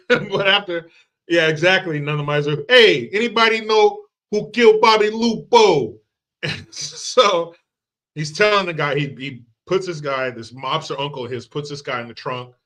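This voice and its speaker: A man's voice: fairly high pitch, normal speed, sharp tone. A man hosting a livestream, talking casually and profanely and laughing often. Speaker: livestream host.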